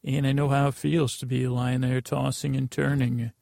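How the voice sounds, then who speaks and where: A tired man hosting a podcast, with a creaky voice, in a rambling, self-deprecating bedtime monologue full of false starts. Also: mid-range voice, little pitch movement, normal speed, a little mellow, no room sound, studio quality. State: tired from lack of sleep. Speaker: podcast host.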